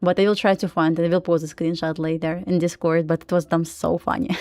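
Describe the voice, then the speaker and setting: A woman with a Russian accent chatting casually on a live trading stream, full of "like" fillers and quick laughs. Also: lowish voice, flat delivery, a little mellow, dry recording, studio quality, faint music behind. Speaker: live-streaming day trader.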